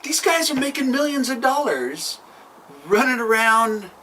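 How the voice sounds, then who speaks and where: A man co-hosting a casual chat, with a bright voice that jumps around a lot in pitch. He teases, laughs often and talks lightly. He sits a little away from the mic, and a faint hiss runs under his voice. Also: expressive, a little slow, far from the mic. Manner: joking, teasing, laughs often. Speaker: podcast co-host. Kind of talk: casual chat over drinks.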